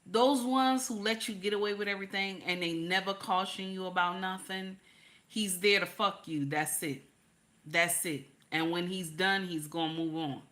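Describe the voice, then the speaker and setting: A middle-aged woman hosts a reaction video, speaking casually but with a preacher's emphasis. She turns to her viewers again and again. Her voice is bright and forceful. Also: medium pitch.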